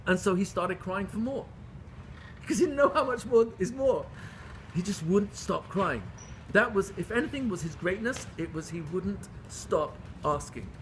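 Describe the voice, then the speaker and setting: High-pitched and animated, this man speaks at a moderate pace over a little hiss or hum while teaching a Torah class in English. He pleads with passion, restarts phrases frequently, and weaves in Hebrew terms.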